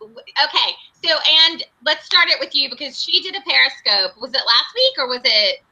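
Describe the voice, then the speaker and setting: High, bright, bubbly woman host. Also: big pitch swings, normal speed, poor audio. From North Carolina. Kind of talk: casual podcast chat.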